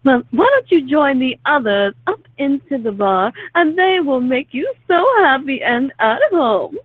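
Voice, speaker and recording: A man's voice: extremely high pitch, animated, measured pace. A man voicing a syrupy, motherly female radio hostess who coos and fusses over callers. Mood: fussing. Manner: cooing, fussing, overly sweet. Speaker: comic call-in host character. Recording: tinny phone-like line with loud hiss.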